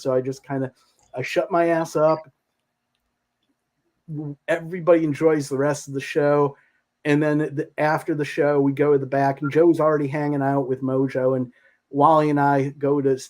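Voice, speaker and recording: A man co-hosting a podcast, telling stories in an animated, enthusiastic way in casual chat. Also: mid-range voice, normal speed. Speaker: podcast co-host.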